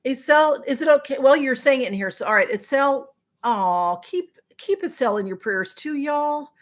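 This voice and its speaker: A woman's voice: high voice, animated, moderate pace. A woman hosting a casual live stream, chatting and answering viewer comments in a sympathetic way, with frequent ums and restarts. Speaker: livestream host reading viewer comments.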